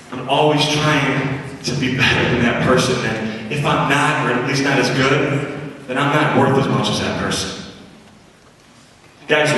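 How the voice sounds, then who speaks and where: Man, school assembly speaker, energetic comic storyteller, booming hall echo, heard from far off. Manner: energetic, animated, acts out the voices in his stories.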